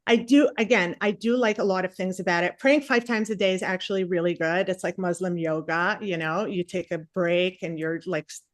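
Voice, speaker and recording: A woman's voice: on the low side, brisk, hardly any pauses, dry recording, studio quality. Self-mocking woman doing stand-up. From Palestinian family. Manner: chatty, self-mocking, animated asides. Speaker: stand-up comedian. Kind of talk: stand-up comedy set. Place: comedy stage before a live audience.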